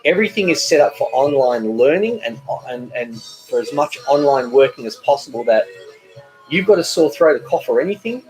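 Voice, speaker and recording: A man's voice: medium pitch, animated, normal speed, darkish tone, soft background music, poor audio. A middle-aged man hosting a casual live stream from home, reading viewer comments aloud, rambling and stumbling over repeated words. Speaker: cooking channel host.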